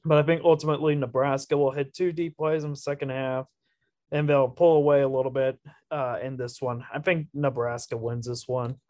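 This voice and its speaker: A man's voice: medium pitch, flat delivery, brisk, a little mellow, no room sound, clean studio sound. Laid-back man talking college football. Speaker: podcast co-host. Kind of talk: casual sports podcast chat.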